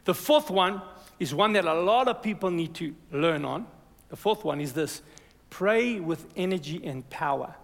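A man preaching a sermon as a pastor, energetic and exhorting, calling "amen" to the congregation. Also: high voice, moderate pace, creaky. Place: church hall. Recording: reverberant church hall.

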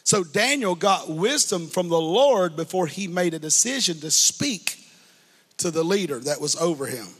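A man's voice: high-pitched, a bit bright. A man preaching a sermon to a congregation, building fervor and speaking straight to the listeners. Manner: preaching with rising fervor, call-and-response asides. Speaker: pastor. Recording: reverberant hall.

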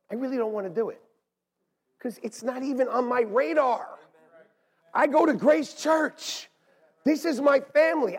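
A man preaching a sermon as pastor in a church, animated and swinging between hushed asides and shouts. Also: very high voice, slightly rough. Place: church sanctuary. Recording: long hall reverb.

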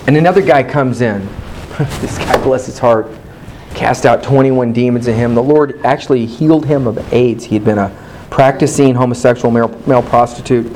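A man preaching a sermon, telling a personal story in an animated, candid, self-mocking way and acting out his own past dialogue. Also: medium pitch, moderate pace, slight background noise, poor audio.

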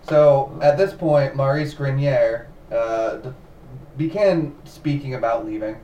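A man's voice: mid-range voice, slow, dark tone. Man, podcast host, storytelling from notes, distant mic, roomy, faint hiss. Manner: narrates from notes, repeats words, laughs easily.

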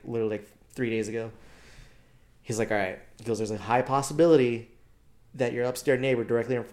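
A man's voice: fairly low pitch, creaky. Young guy telling a story on a podcast, casual and slangy, cusses a lot, acts out the quotes. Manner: animated, slangy, swears freely, acts out quoted dialogue. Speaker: podcast co-host.

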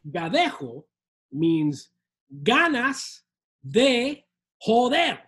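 A man's voice: very high voice, big pitch swings, drawn-out words, fairly bright tone, slightly rough. A man from Miami co-hosting a casual, comedic chat, playfully slipping Spanish words and phrases into his talk. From Miami, USA. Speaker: co-host.

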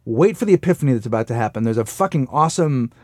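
A man's voice: mid-range voice, lively intonation, very fast, a little mellow, no room sound, studio quality. A man in casual chat, joking and swearing, often jumping in with comic bits. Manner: joking, profane, jumps in with bits.

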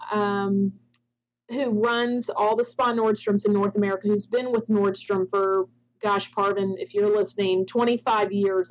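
A woman's voice: medium pitch, rough recording. A middle-aged woman, a founder of a spa products company, telling a long story in an interview and acting out the dialogue she quotes.

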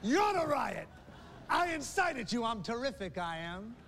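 Sly male labor agitator, sung high and slow, from a film clip. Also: sing-song, fairly bright tone, full character voice. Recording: film clip played in the background, faint and distant.

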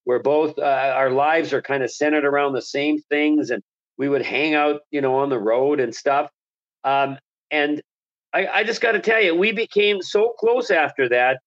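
A man's voice: fairly high pitch, a bit bright, dull audio. A man who was a hockey color analyst, telling a long story as an interview guest, enthusiastic and rambling with restarts.

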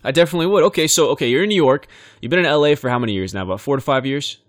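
A man's voice: medium pitch, expressive, very fast, no echo, studio quality. A man hosting a casual interview show, playful and swearing casually as he asks questions. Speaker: podcast host.

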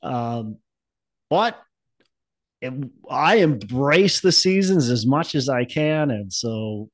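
A man's voice: medium pitch, animated, takes it slowly, dry recording. A man in his thirties from Minnesota, co-hosting a podcast in casual chat, rambling and upbeat with many restarts. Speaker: podcast co-host.

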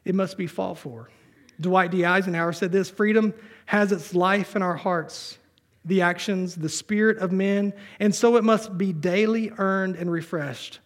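A man with a high-pitched voice is preaching in a church. He reads scripture passages aloud and breaks into relaxed, joking asides to the congregation. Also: a little slow. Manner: conversational preaching with humor, reading scripture aloud. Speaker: pastor. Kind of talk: sermon.

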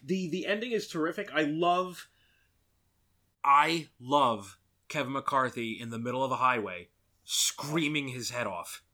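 Lively, bright-voiced male podcast co-host. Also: medium pitch, a little slow. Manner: enthusiastic, gushing about movies. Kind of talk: casual chat about films.

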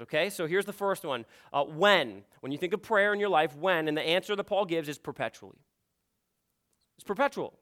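A man's voice: high voice, fairly bright tone, clear, resonant tone. A man preaching a sermon to his congregation in an earnest, emphatic way, often repeating "you see". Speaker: pastor.

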